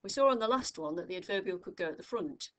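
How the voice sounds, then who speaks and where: A woman tutor giving a recorded grammar lesson, speaking clearly and patiently, from the United Kingdom, stressing each example phrase. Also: mid-range voice, animated, fast, fairly bright tone. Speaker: English tutor.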